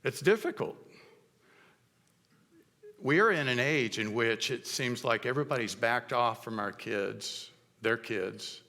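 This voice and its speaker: Middle-aged male pastor, conversational sermon, gravelly tone, long church reverb. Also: medium pitch, animated, bright, forceful tone. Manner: conversational storytelling with halting restarts. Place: church sanctuary.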